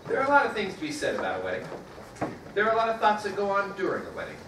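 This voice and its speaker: A man's voice: high voice, wildly swooping pitch, racing. A man playing a plainspoken small-town stage manager who talks straight to the audience in a live stage play. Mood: musing. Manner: plainspoken, folksy, chatty asides to the audience. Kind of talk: live community stage acting. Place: theater stage. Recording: echoey theater from far off, noisy.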